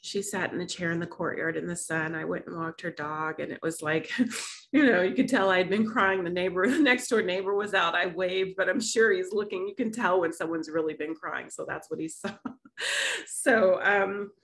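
A woman's voice: fairly low pitch, steady tone, normal speed, a bit bright. Woman telling an emotional personal story. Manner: emotional, rambling, frequent laughs and restarts. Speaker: wellness challenge host.

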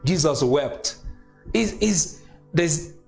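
A man's voice: fairly high pitch, expressive, drawn-out words, gravelly, darkish tone, soft background music. A man whose first language is not English preaches a sermon, repeating phrases with emphatic, consoling delivery.

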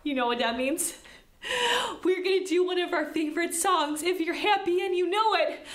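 A woman leading a preschool church service, talking in an exaggerated, sing-song, excited way to small children. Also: very high-pitched, moderate pace, very noisy. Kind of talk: lively preschool church host. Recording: echoey room.

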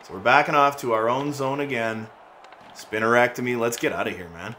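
A man giving casual commentary as he plays a hockey video game, excitable and mocking his teammates, with frequent shouts and laughs. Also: medium pitch, brisk, a little hiss or hum. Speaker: gaming YouTuber.

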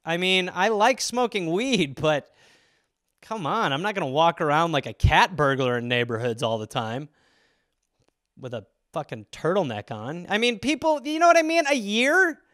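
Man, solo comedy podcast host: high, animated voice, rambling and profane. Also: dry recording, studio quality. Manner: rambling, profane, animated storytelling with quick voice impressions. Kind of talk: casual solo comedic riffing.

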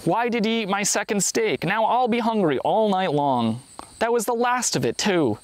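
Guy doing a cranky old blind man squabbling over dinner, voice pushed up high, storybook reading. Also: animated, normal speed, no room sound. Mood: angry. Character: grumpy old blind man, accusing and peevish.

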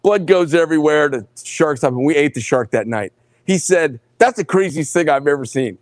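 Animated man rambling through knife stories. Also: a little high, normal speed, dry recording. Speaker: host presenting knives. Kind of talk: live sales show with casual storytelling.

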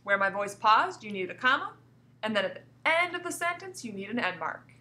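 A woman teacher giving a recorded grammar lesson to young pupils, reading example sentences aloud with marked pauses and coaxing the class with questions. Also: on the high side. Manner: lively, coaxing questions to students. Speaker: elementary school teacher.

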